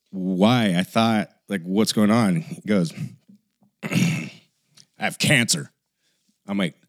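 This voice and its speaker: Man, low deep voice, dry close sound, animated casual storyteller, podcast co-host. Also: dry recording.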